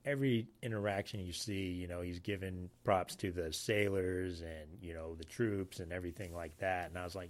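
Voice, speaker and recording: A deep-voiced man from Alaska tells a story from his time in the Navy. He talks casually and haltingly, full of fillers and restarts. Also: steady tone. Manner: rambling, halting, many fillers. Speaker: Navy sailor telling a story. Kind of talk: casual spoken anecdote.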